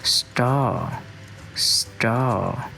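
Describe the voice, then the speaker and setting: Guy teaching english vocab, super slow, repeats each word, faint music behind. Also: lowish voice, animated, creaky, bright, forceful tone. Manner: slow, deliberate repetition of words. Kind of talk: vocabulary drill lesson.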